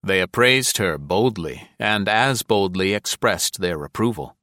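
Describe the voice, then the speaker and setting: A man narrating an audiobook in a measured, formal storytelling manner. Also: lowish voice, animated, pushed and bright, no room sound, studio quality.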